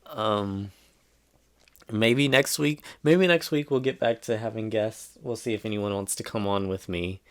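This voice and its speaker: A fairly low-pitched man speaks unhurriedly as the sole host of a podcast. His rant is rambling and full of swearing, and his exasperation shows as he drops sentences halfway and begins them again.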